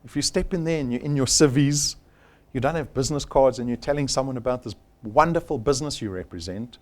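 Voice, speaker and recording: A man's voice: mid-range voice, fast. A man giving an emphatic, punchy sales training talk at a live workshop, repeating his key points.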